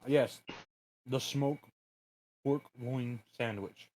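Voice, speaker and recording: A man's voice: mid-range voice, drawn-out words, crowd noise. A man acting as game master in a tabletop role-play game, making dry, wry remarks.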